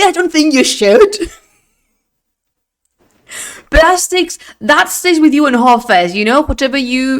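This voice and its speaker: Talking into a desk mic while streaming on camera at home, a chatty woman with a somewhat high voice keeps up casual live-stream conversation. She speaks Spanish natively, laughs a lot, stays expressive, and slips into Spanish phrases now and then.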